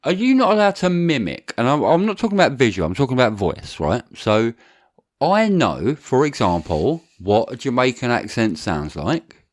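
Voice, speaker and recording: A man's voice: mid-range voice, very animated, normal speed. A man co-hosting a podcast, chatting casually and animatedly, slangy and prone to restarts. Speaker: podcast co-host.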